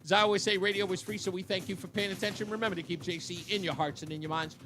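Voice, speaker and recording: A man's voice: high voice, racing, music in the background. A man with a New York accent hosting a talk radio show, joking and laughing through casual banter. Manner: jokey, animated, laughs often.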